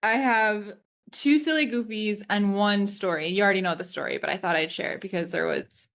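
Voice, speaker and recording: A woman in her thirties co-hosts a relaxed podcast chat, her voice sitting at an ordinary middle pitch. She rambles through anecdotes with plenty of "like" and laughs easily as she goes. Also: brisk. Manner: chatty, fills speech with "like", laughs often while telling stories. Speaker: podcast co-host. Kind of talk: casual chat.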